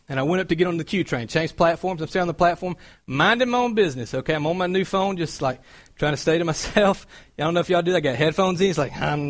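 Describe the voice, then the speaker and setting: Conversational male preacher, fairly high voice. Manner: conversational storytelling, animated when recounting. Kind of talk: sermon.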